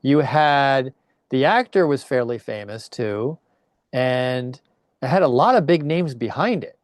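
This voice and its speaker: A man's voice: mid-range voice, lively intonation, a little slow, no echo, clean studio sound. An older man, a podcast guest, chatting casually and telling rambling anecdotes with quoted voices. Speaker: podcast guest, longtime teacher in Japan. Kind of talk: casual storytelling chat.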